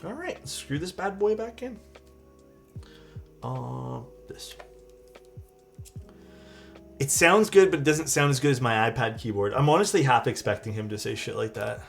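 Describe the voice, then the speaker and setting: Young male streamer, gravelly edge, faint music under him; loose, rambling chat with casual swearing while he works on a build. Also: mid-range voice, lively intonation, a little slow, long pauses.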